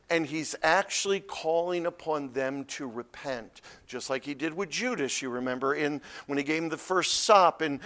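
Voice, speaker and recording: A man preaching an expository sermon, swinging from loud, emphatic peaks to quiet, low asides. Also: normal speed. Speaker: pastor.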